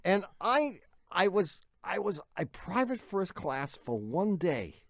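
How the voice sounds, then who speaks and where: A man co-hosting a radio car show, reading aloud and breaking into wheezy, high cackling laughter. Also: very animated, takes it slowly, vocal fry, no echo. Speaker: radio co-host. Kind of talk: radio call-in show banter.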